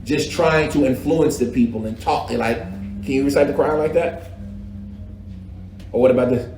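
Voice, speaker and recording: Animated male teacher in an echoey room. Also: mid-range voice, moderate pace, background noise. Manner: animated, conversational, slangy, imitates recitation styles. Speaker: religious teacher. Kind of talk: casual classroom lesson. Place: echoey mosque classroom. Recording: echoey room with faint background ambience.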